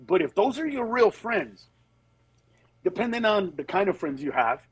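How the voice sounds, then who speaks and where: A man who works as a stand-up comedian, telling stories in a casual conversation. He acts out other people's voices and turns earnest and measured on serious topics. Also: high-pitched, sing-song, husky, no room sound.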